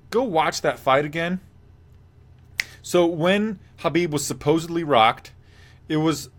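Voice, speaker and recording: A man hosting a live MMA podcast, speaking in a loose, rambling way. He reads viewer comments out and gives blunt, offhand opinions. His voice sits at an ordinary middle pitch. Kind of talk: casual live-stream fight talk.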